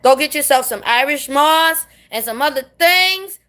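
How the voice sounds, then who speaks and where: Sassy, high-voiced New woman ranting. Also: lively intonation, moderate pace, fairly bright tone. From New York City. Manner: blunt, sassy, swears freely. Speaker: vlogger. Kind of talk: casual ranting monologue.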